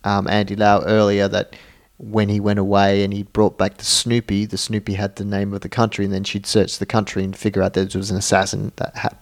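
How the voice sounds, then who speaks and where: A man's voice: lowish voice, creaky. A man casually retelling film scenes on a podcast, with frequent laughs and filler words. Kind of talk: casual film review chat.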